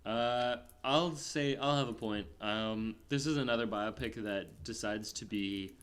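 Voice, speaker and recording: A man co-hosting a film podcast, talking in a rambling, casual way with many fillers and sudden animated bursts. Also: lowish voice, a little slow, smooth. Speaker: podcast co-host. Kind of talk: casual film review chat.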